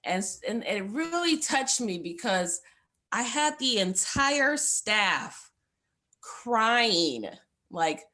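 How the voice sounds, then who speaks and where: A woman's voice: fairly high pitch, very animated, very slow, pushed and bright. A young woman, a guest on the show, giving a heartfelt personal testimony in a rambling way, full of fillers.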